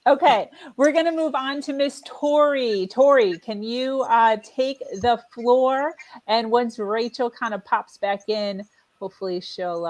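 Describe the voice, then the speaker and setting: A woman host moderating a video panel, passing the floor with some hesitation. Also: a little high.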